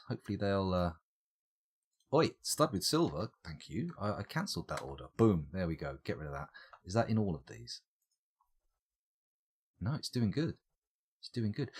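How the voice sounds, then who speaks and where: Chatty streamer, low and animated, jokes and mutters through play. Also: male voice. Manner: chatty, joking, mutters at the game. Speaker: game streamer. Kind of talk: casual let's-play commentary.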